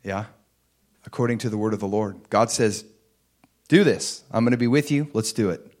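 Animated man preaching. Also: on the low side, normal speed. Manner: animated preaching, reading scripture aloud, rising to loud emphasis. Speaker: pastor. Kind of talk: sermon.

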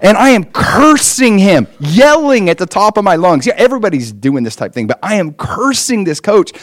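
A man's voice: high voice, very animated, moderate pace, dry recording. A man preaching a personal testimony as a story, with emphatic rises in his delivery.

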